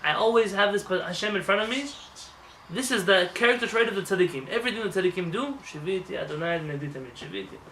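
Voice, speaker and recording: A man rabbi giving a lively, joking sermon in a synagogue, acting out voices as he talks. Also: high-pitched, fast, far from the mic, a little hiss or hum. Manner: animated, acts out voices, jokes with the congregation. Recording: roomy hall with faint ambience.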